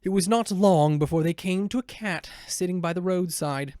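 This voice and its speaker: A man reading a children's storybook aloud in a gentle, measured way. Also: high voice, no room sound, clean studio sound. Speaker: narrator.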